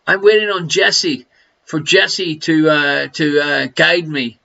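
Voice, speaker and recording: A man's voice: a little high, steady tone, takes it slowly, creaky, bright, forceful tone, highs cut off. A man with an Irish accent hosting a live online quiz, jokey and teasing, laughing between questions. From Ireland. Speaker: quiz host.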